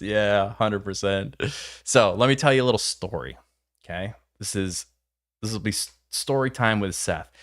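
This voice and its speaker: A man's voice: on the low side, normal speed, a bit bright, no room sound, clean studio sound. A man hosting a livestream, talking bluntly and opinionated, swearing casually as he reacts to clips. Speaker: livestream host.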